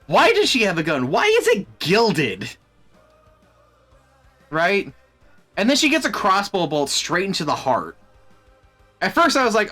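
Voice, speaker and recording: A man streaming and chatting casually, in an animated, exasperated way with plenty of swearing. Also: on the high side, measured pace, pauses often, soft background music. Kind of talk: casual chat.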